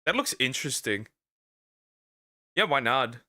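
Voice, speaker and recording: Guy vtuber yapping through a react stream, bright sharp tone, keeps restarting his sentences, blunt and outspoken. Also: mid-range voice, very animated. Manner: rambling and halting, many fillers and restarts; outspoken, ranting. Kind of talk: casual react commentary.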